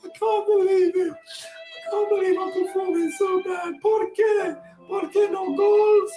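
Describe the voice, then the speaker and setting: A man voicing a distraught young male Spanish footballer, crying and wailing in a high falsetto. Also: level tone, a little slow, warm tone, echoey room, soft background music. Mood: wailing despair.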